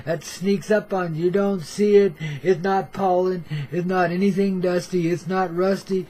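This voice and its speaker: A man's voice: on the high side, a little mellow, low-quality recording. Laid-back hippie storyteller man, older. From Oregon. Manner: laid-back hippie slang, calls listeners baby and man. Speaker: storyteller host. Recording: faint background noise.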